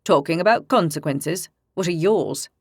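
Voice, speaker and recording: A woman's voice: fairly low pitch, moderate pace, dry recording, studio quality, lightly acted. A woman voicing a brash, boastful young male warrior with cocky, mocking banter.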